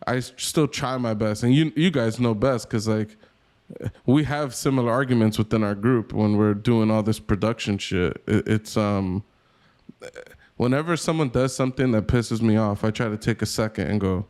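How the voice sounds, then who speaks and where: A man's voice: fairly low pitch, moderate pace, darkish tone. A man in his thirties co-hosting a podcast, chatting casually, rambling and self-deprecating, swearing freely. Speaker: podcast co-host.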